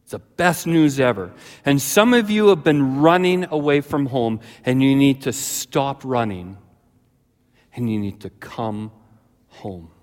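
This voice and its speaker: A man preaching a sermon as pastor, telling a childhood story with lively acted-out voices. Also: a little slow. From British Columbia, Canada. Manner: animated storyteller, jumps to high frantic voices when acting out his childhood self. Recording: long reverb of a large hall.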